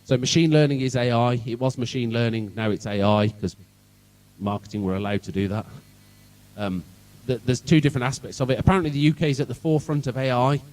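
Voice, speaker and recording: A man with a Birmingham accent gives a conference talk that is loud with jokes and swearing, sarcastic and irreverent. His voice sits at an ordinary middle pitch. He is heard from some distance off the mic in a hall. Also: steady tone, fast. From England, Birmingham. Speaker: conference speaker. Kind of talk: sweary comic tech talk. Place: event hall.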